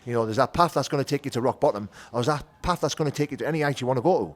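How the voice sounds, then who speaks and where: Fast-talking man. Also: mid-range voice. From North of England. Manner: rapid, frank, full of "you know" and "do you know what I mean". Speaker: podcast guest. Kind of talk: candid conversational storytelling.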